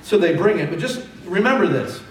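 A man's voice: high voice, lively intonation, a little fast. Man preaching in an echoey church. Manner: conversational, rising to emphatic calls. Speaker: pastor. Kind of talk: sermon. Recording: echoey hall from far off.

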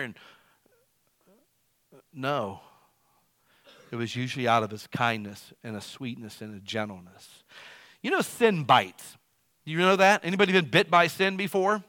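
A man preaching a sermon who calls himself loud. He swings from loud emphatic lines to quiet asides. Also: medium pitch, a little slow, pauses often, no room sound. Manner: self-described as loud. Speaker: pastor.

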